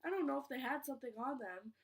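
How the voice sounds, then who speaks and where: A young woman with a slightly high voice recounts a story in a casual vlog. She rambles, fills her sentences with "like," and stumbles over her words as she goes. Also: animated, fast talker, breathy edge. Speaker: vlogger.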